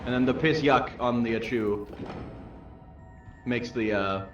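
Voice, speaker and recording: A man's voice: mid-range voice, measured pace, a bit bright, dull audio, faint music behind. Echoey man explaining a game. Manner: explains mechanics, jokey. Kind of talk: casual multiplayer game chat. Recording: echoey game audio with faint noise.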